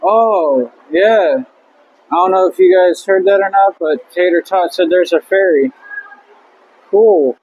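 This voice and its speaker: A man filming on a handheld camera at an indoor museum exhibit, making slow, awed remarks in casual vlog chat. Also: high voice, darkish tone, husky, poor audio.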